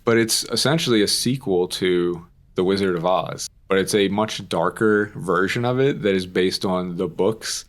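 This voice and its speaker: A young man with a lowish voice talks through a podcast in loose, easy chat. He rambles and fills his sentences with "like" and the odd swear word. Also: moderate pace, few pauses. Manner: chatty, rambling, with frequent "like" and casual swearing. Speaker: podcast co-host. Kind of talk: casual chat.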